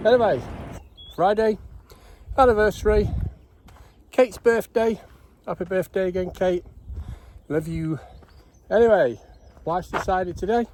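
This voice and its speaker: A man's voice: high-pitched, a little mellow, a little hiss or hum. An older man, rambling chattily through a casual vlog. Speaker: gas training vlogger.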